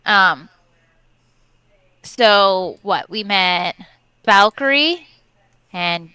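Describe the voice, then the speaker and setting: Woman player, hesitant recap delivery, crisp bright tone. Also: medium pitch, expressive, very slow, dry recording, low-quality recording. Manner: hesitant, unsure of names. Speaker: player giving a session recap. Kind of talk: casual recap.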